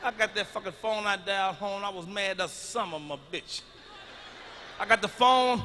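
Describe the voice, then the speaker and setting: A man telling a profane story on stage as a stand-up comedian, loud and animated. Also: sits high, moderate pace, a little hiss or hum. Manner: loud, animated, swearing freely. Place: comedy stage before an audience. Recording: reverberant live hall recording.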